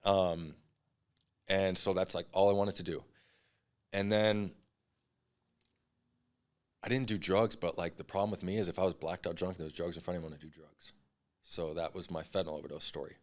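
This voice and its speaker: A man's voice: low voice, steady tone, a little fast, long pauses. A man in his thirties, a podcast guest, telling his story bluntly with frequent swearing. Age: 30s. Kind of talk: candid storytelling interview.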